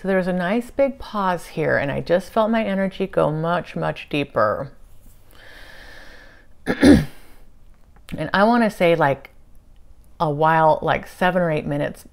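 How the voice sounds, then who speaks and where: A woman casually recounting a spiritual session from home, meandering and soft-spoken with many fillers. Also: fairly low pitch, animated, unhurried, gravelly, pauses often. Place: at home on a couch.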